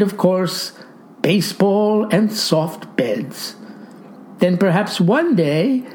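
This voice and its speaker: A woman's voice: mid-range voice, a little mellow, slight background noise. A woman voicing an earnest, polite young boy in a storybook read-aloud.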